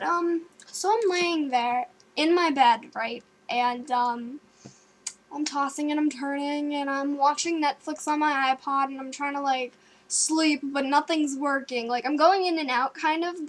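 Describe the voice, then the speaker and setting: A young woman casually telling a story to her webcam at home, animated and jumpy, with gasps, sudden loud outbursts and lots of likes and ums. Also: high-pitched. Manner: filler-heavy, with many likes and ums. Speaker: vlogger.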